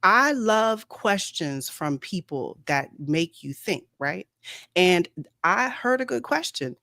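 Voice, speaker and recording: A woman's voice: on the low side, very animated, takes it slowly, sharp tone, no room sound, clean studio sound. A woman in a casual faith discussion, insistent and questioning, holding the floor to press her point.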